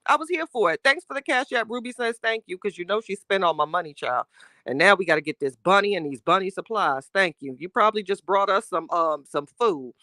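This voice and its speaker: A woman's voice: medium pitch, brisk, no room sound, studio quality. A woman hosting a casual livestream, reading chat and talking with sass, laughing often. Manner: sassy, animated, laughing often, Southern Black American slang.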